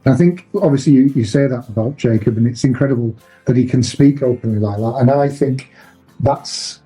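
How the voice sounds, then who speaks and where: A podcast host whose voice is very dark and mellow, giving his view with emphasis and restarting his phrases often. Faint guitar music plays beneath the conversation. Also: medium pitch, a little fast, rough recording. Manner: emphatic, opinionated, with many restarts.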